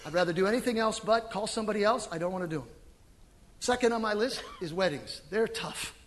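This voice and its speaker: A middle-aged man preaching a sermon as pastor, animated and emphatic, with sudden loud swells. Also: high voice, fast talker, big-room sound. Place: church sanctuary.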